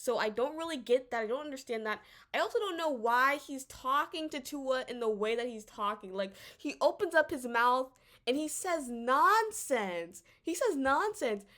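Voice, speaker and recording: A woman vlogger giving casual commentary on a drama series. She talks in an animated, rambling and exasperated way, often stammering and restarting her sentences. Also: high-pitched, moderate pace.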